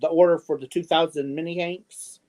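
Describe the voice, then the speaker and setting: A middle-aged man hosting a casual live stream, reading out viewer comments slowly and haltingly, with many ums and affectionate asides. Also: a little high, fairly even intonation, darkish tone.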